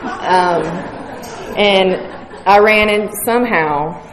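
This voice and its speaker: Speaking with drawn-out words at a medium pitch, a woman from West Virginia gives a candid, profane, self-mocking recovery share. A faint audience can be heard in the roomy hall.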